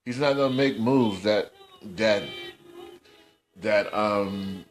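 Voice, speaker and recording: A man's voice: lowish voice, slow, faint music behind. Scolding male podcast host. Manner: scolding, slangy, repeats himself. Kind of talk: casual commentary podcast.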